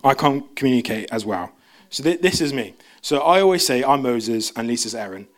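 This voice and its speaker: Animated and fairly quick, a young man gives a casual church sermon full of chatter and self-interruptions. When he quotes people, he acts out their voices in a higher pitch.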